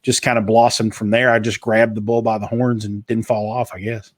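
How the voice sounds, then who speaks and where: A man's voice: on the low side, level tone, a little fast, no room sound, clean studio sound. A middle-aged man from Eastern Kentucky with a slight twang, a former radio broadcaster speaking fluently as an interview guest. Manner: fluent, polished broadcaster delivery with frequent restarts. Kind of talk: casual interview conversation.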